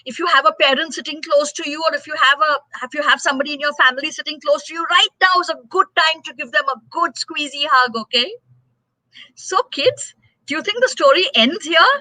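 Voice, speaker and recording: A woman telling a story to children in a live session, animated and asking them questions. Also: sits high, a little fast, dry recording, low-quality recording. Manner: animated, asks kids questions.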